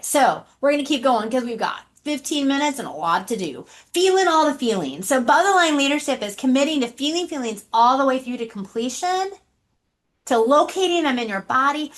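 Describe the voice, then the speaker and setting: Lively woman presenting a leadership webinar. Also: high-pitched, moderate pace. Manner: animated, asks the audience rhetorical questions.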